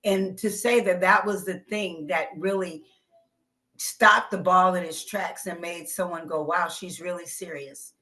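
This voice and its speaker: A woman speaking as a guest in a casual panel talk, reflective and halting, often saying "you know". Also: lowish voice, fairly even intonation, sharp tone. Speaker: author and filmmaker guest.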